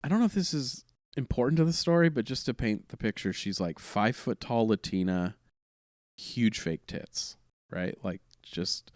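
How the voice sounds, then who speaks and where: Smooth-voiced man telling a rambling story. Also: medium pitch, moderate pace, a little mellow, no echo, clean studio sound. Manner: rambling, self-correcting, laughing through the story. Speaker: comedian guest. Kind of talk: casual anecdotal storytelling.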